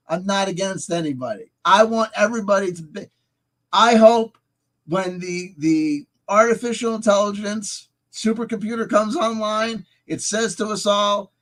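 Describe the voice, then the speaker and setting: High-voiced man ranting, emphatic and profane. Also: moderate pace. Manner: emphatic, profane, swings between shouting and soft asides. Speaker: host. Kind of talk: ranting vlog commentary.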